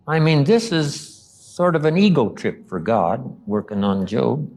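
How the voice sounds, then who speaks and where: An older man giving a motivational seminar talk, acting out quoted lines with dramatic pauses. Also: mid-range voice, darkish tone. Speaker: motivational speaker.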